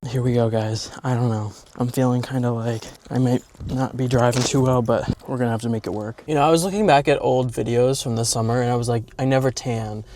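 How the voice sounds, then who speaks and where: A man's voice: medium pitch, steady tone, a little fast, few pauses, darkish tone, slight background noise. A young man vlogging from his car, telling stories in a chatty, dramatic, campy way. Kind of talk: casual storytelling vlog.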